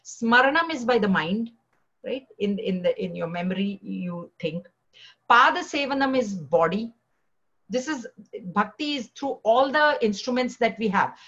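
A woman's voice: a little high, expressive, a little slow, fairly bright tone, breathy edge. A woman teaching, retelling and explaining a scripture story in a conversational way, often saying "you know", in a dull lo-fi recording. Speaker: spiritual teacher.

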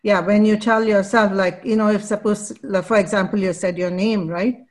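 A woman's voice: mid-range voice, fairly even intonation, normal speed. A woman student asking a question in class, hesitant and full of fillers.

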